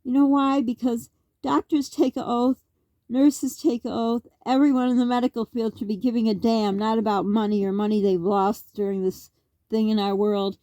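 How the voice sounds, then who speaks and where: A woman's voice: a little high, flat delivery, moderate pace, warm tone, no room sound, highs cut off. Worked-up middle-aged woman, rambling vlog. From Canada. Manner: agitated, rambling, rhetorical questions. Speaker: vlogger. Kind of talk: casual vlog monologue.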